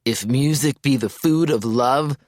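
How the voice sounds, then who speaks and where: A man voicing a lovestruck young man who dreamily recites Shakespeare in a slow, theatrical way. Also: mid-range voice, a little mellow, no echo, studio quality, voice pushed up, close to an everyday voice. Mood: swooning, dramatic.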